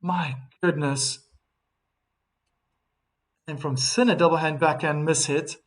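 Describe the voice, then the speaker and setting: A man commentates tennis play-by-play on a live stream, reading viewer comments out loud. His tone is calm between points and livelier on big shots, and he talks slowly with a highish pitch.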